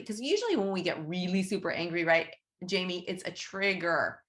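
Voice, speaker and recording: A woman's voice: lowish voice, lively intonation, moderate pace, fairly bright tone. A woman hosting a casual group teaching session over a video call, talking conversationally and often checking in with "right?". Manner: conversational, repeats "right?", acts out inner thoughts. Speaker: Reiki teacher, host.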